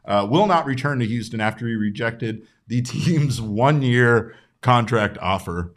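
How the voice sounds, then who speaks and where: A man's voice: mid-range voice, expressive, unhurried. A young man hosting a casual sports talk show, loose and irreverent, mixing jokes and swearing into his takes.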